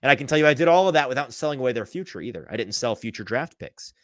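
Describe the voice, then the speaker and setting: Animated sarcastic male podcast host. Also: medium pitch, no room sound, clean studio sound. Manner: animated, sarcastic, rapid-fire with restarts. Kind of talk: casual sports podcast talk.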